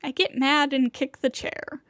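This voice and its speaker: Bewildered young man narrating his own story, voiced by a woman, slow and high. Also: level tone, fairly bright tone, dry recording. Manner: bewildered, rambling inner monologue. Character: flustered young male student narrator.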